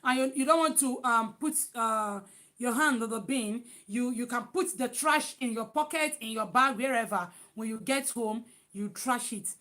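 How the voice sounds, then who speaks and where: A woman from Nigeria with a Nigerian accent, chatting casually in a vlog, loud and emphatic, with many restarts. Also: fairly high pitch, normal speed. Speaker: vlogger.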